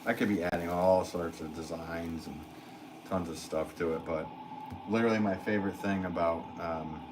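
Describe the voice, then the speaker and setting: A man, a potter, chatting casually on a live stream while he works, reading out viewer comments in a relaxed, rambling way with lots of fillers. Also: low voice, moderate pace, background noise. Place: pottery studio.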